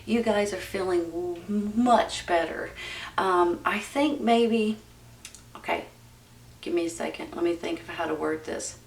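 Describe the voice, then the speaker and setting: A woman's voice: fairly low pitch, unhurried, far from the mic, a little hiss or hum. A woman giving a casual tarot reading, talking straight to viewers in a chatty, reassuring way and rambling loosely with many ums. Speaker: tarot reader. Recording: roomy echo, voice from off-mic.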